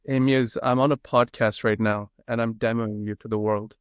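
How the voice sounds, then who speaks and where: A man's voice: mid-range voice, moderate pace, clear, resonant tone, no echo, dull audio. A man, co-founder of a tech startup, chatting casually on a podcast while demoing an assistant, with lots of "like" fillers. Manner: relaxed, filler-heavy, says "like" often. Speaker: co-founder demoing his product.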